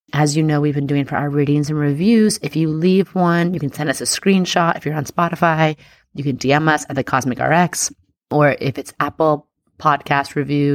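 A woman's voice: deep voice, no room sound, studio quality. Rambling earnest woman podcast host. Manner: rambling, earnest, restarts and trails off; upbeat and affirming toward listeners. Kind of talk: casual solo podcast talk.

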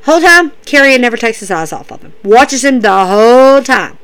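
A woman's voice: moderate pace, clean tone. Chatty woman recapping wrestling. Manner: animated, acts out wrestlers' lines in a lowered voice. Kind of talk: casual recap talk.

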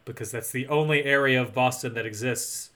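A man co-hosting a podcast, recapping a movie in casual chat with wry, deadpan asides. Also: mid-range voice, a little fast, crowd noise. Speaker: podcast co-host.

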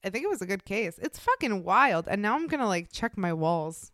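Smooth-voiced woman in casual podcast chat. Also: mid-range voice, a little fast, no room sound, clean studio sound. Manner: animated, laughs often, swears casually. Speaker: podcast co-host. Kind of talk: casual true crime chat.

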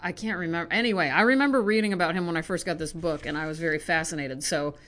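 A woman's voice: lowish voice, fast, fairly bright tone. An American woman reading poetry aloud at home, chatty and self-deprecating, wandering into asides between poems. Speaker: poetry reader. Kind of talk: casual poetry reading vlog.

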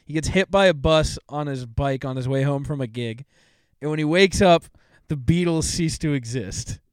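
A man's voice: a little high, normal speed, clear, resonant tone, no room sound, studio quality. A young man co-hosting a podcast, chatting casually and swearing freely as he retells movie plots with plenty of fillers. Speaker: podcast co-host.

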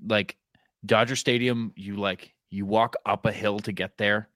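A young man from New Hampshire, his voice on the low side, tells anecdotes in a relaxed way and leans on fillers. The recording is dry and close. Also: a little slow, no echo. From New Hampshire, USA. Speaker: podcast co-host. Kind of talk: casual chat.

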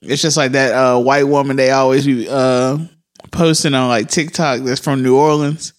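A man of middling pitch chats casually as a podcast co-host. He rambles in an easygoing way, trailing into filler words. He laughs often as he talks. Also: level tone, moderate pace.

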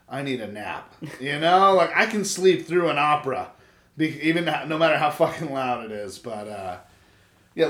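A man in his thirties telling stories in casual chat, animated and profane. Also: mid-range voice. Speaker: podcast host. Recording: echoey room.

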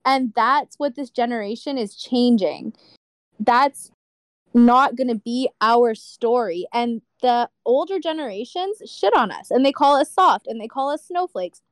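A young woman guest on a podcast, speaking in a slightly high voice with blunt, impassioned conviction and plenty of swearing. Her voice sounds close and dry, with no room around it. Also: lively intonation, measured pace, no room sound. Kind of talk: candid casual chat.

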